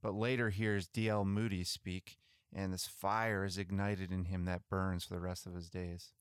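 A man with a fairly low, smooth and resonant voice tells church history stories in a relaxed, chatty way, often restarting his sentences. The sound is close and dry, with no room in it. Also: moderate pace, dry recording. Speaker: podcast co-host. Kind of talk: casual storytelling about missionary history.

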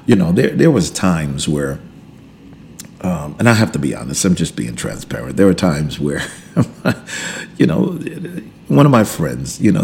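A man, a pastor hosting a podcast, teaching in a relaxed conversational way, repeating and restarting words and chuckling between points. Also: extremely low pitch, creaky, slight background noise. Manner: emphatic, preacherly build-ups.

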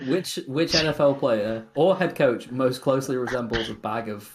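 A man's voice: medium pitch, normal speed. Dry-humored man, faint background noise. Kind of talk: casual sports chat.

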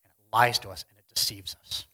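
A man preaching a sermon to a congregation, earnest, pushing some lines out loudly and dropping others to a hush. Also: brisk, poor audio. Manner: earnest, swings between loud emphasis and hushed lines. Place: church hall with congregation.

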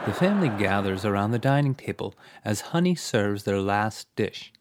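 A man narrates a satirical story in a dry, matter-of-fact voice. His pitch sits slightly low, steady through the telling. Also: moderate pace, noisy background.

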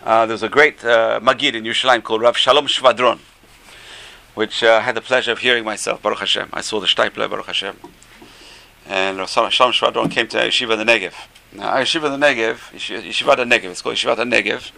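A middle-aged or older man, a rabbi teaching a class, tells stories in an animated way with many rhetorical questions. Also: fairly low pitch, quick pace, gravelly. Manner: animated, rhetorical questions, stretches key phrases. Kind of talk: Torah class storytelling.

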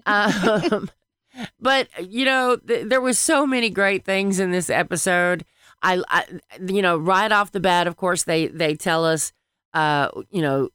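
Woman, Southern accent, podcast co-host, rambling casual chat, smooth voice, dry close sound. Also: lowish voice, a little slow, no echo. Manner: rambling, animated, swearing.

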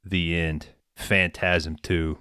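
A man's voice: sits low, flat delivery, extremely slow, pushed and bright, smooth, dry recording, studio quality. A man hosting a podcast, casually recapping a movie in a laid-back, profane storytelling way. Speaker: podcast host.

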